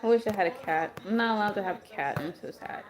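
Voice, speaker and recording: A woman's voice: mid-range voice, quick pace. A woman hosting a casual livestream, talking straight to her viewers and answering their comments, with a voice that is wearing out from a long stretch of talking. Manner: chatty, answers viewer comments as they come in. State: losing her voice. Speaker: livestream host.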